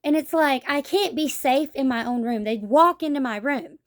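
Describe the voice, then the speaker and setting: A woman's voice: high voice, normal speed. A young woman telling a story in a casual vlog, blunt and profane, acting out what people said to her. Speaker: vlogger.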